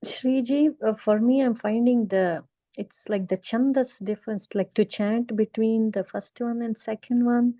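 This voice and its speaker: A woman student with a mellow, darker voice speaks hesitantly over a video call, searching for words as she asks her question. Her voice sounds dry and close. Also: fairly high pitch, steady tone, measured pace, dry recording.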